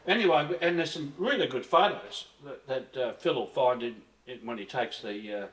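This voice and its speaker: An older Australian guest recalls old times in a relaxed interview, rambling earthily, restarting and swearing a little. His medium-pitched voice is a bit bright and moves at a moderate pace. The recording is roomy and taken from a distance.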